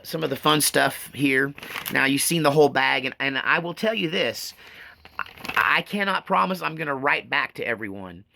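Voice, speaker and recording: Gravelly, bright-voiced man. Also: mid-range voice. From Texas. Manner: rambling, folksy, often choked up. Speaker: vlogger reading fan mail. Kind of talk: casual, heartfelt talk to camera. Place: rural land outdoors.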